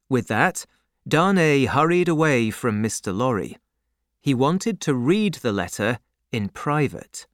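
A man reading a novel aloud in a measured, expressive narration. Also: medium pitch, no room sound, studio quality. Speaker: audiobook narrator. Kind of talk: scripted narration.

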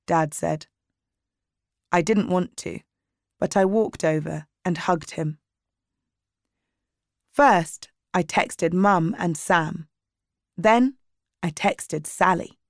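A woman narrates a chapter book in a measured, clear way. Her pace is slow, her voice is a little low, and the sound is dry and close. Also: no room sound. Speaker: audiobook reader. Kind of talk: scripted narration of a graded reader.

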